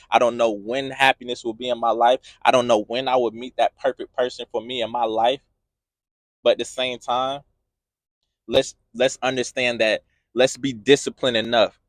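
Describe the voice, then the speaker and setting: Man, motivational faith talk, earnest, repetitive build-ups, mid pitch, dry close sound. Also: dry recording. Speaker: motivational podcast host.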